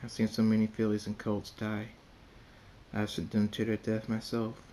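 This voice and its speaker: A man reading his own fan fiction story aloud in the first person, halting and repeating words. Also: lowish voice, monotone, warm tone, slight background noise.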